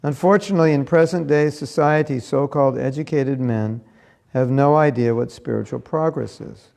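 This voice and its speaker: A man's voice: mid-range voice, moderate pace, creaky, darkish tone. A man giving a scripture class in a conversational, storytelling way, sometimes turning to ask his listeners questions. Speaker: class speaker.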